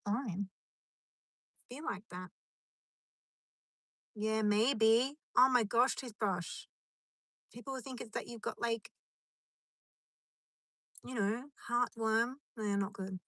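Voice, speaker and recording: A woman's voice: on the high side, slow, long pauses, a bit bright, no room sound. A woman chatting on a live stream from her car in a rambling, chatty way, answering comments as they come in. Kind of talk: casual live stream chat.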